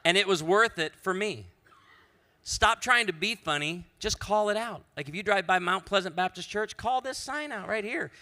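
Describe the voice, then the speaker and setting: Pastor, male, bright and slightly high voice, comic storyteller, big hall reverb. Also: animated, moderate pace. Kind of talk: humorous conference talk.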